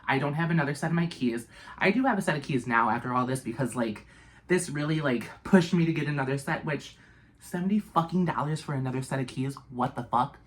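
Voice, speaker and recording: A young woman vlogger telling a storytime tale in a casual, animated way, full of fillers and swearing. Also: a bass voice, fairly quick.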